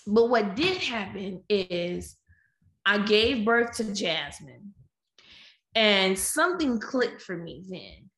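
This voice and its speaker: A woman telling a personal story in a lively, animated way, acting out the quotes. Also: medium pitch, takes it slowly. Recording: echoey room.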